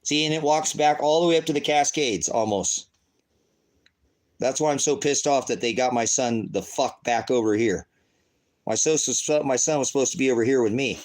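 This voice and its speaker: A middle-aged man talks over a screen share like a self-made online preacher. His delivery wanders, circles back with rhetorical questions and flares into cussing, all in a plain mid-pitched voice. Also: normal speed, darkish tone, poor audio. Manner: rambling, rhetorical questions, profane outbursts. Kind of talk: casual livestream commentary.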